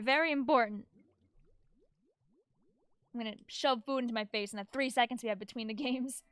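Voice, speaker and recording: A high, bright-pitched woman with a Long Island accent chats loosely on a gaming livestream. She rambles from one thought to the next and answers viewers' messages as they come in, in an easy, talkative way. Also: normal speed, pauses often, smooth, no room sound. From New York, USA. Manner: chatty and rambling, answers chat messages aloud. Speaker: streamer. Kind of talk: casual livestream chat while gaming.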